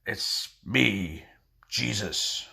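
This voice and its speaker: A man voicing a stoned young male hippie who loudly passes himself off as Jesus. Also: on the low side, drawn-out words, vocal fry, exaggerated voice. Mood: bold, brash.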